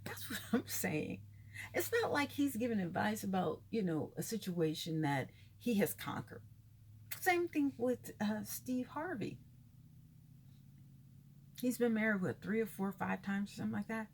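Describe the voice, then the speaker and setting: Fifties woman with a husky voice delivering an indignant, animated casual commentary. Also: mid-range voice, a little slow. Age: 50s. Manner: animated, indignant, drops to whispers for asides. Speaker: vlogger.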